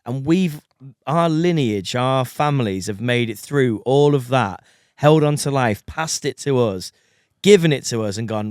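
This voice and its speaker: Wry, smooth-voiced man in his forties. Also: medium pitch, expressive, unhurried, darkish tone, dry recording, studio quality. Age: 40s. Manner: wry, sarcastic banter. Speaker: podcast co-host. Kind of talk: casual chat.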